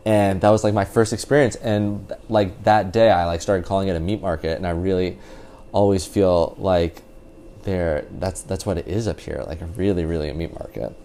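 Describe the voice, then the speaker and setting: A man's voice: deep voice, steady tone, normal speed, mellow, a little hiss or hum. A man in his twenties telling a story as a podcast guest, rambling with lots of "like" and laughing easily. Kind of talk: casual storytelling chat.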